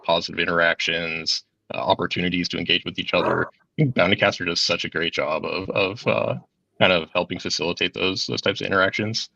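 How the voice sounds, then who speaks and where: Very deep gravelly man on a muffled line. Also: sharp tone, slight background noise. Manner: halting, many fillers. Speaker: guest. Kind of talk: casual interview answer.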